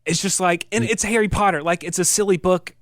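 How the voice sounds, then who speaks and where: Podcast dad, earnest storyteller, dry close mic. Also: male voice, high voice, fairly quick, dry recording. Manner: storytelling, earnest, softens when moved. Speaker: podcast co-host. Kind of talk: casual chat.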